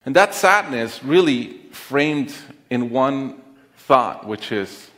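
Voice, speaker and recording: A middle-aged man telling a personal story on stage, with an earnest, deliberate, heartfelt delivery and pauses. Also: mid-range voice, expressive, a bit bright. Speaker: conference speaker. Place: stage in a large auditorium. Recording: long reverb of a large auditorium.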